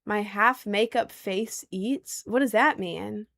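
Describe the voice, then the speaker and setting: A young woman with a low voice, chatting casually on a livestream and reading out comments, playful and giggly. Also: slow pace, gravelly, a bit bright. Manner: playful and giggly, with sudden squeaky bursts.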